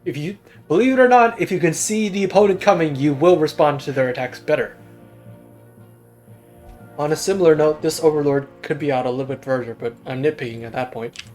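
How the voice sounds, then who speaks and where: A man's voice: on the high side, fairly quick, darkish tone, soft background music. A young man giving casual, self-deprecating solo commentary on a strategy game replay. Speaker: game caster.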